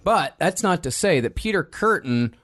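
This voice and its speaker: Man narrating true crime with lively pitch. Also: normal speed. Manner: recounts case facts steadily with wry asides. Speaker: host and narrator.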